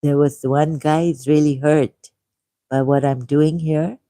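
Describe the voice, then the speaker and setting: A man with a Pakistani accent hosting a livestream, reading a text aloud at a deliberate pace with musing asides and repeated key words. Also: a little high, steady tone, mellow, no echo. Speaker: livestream host.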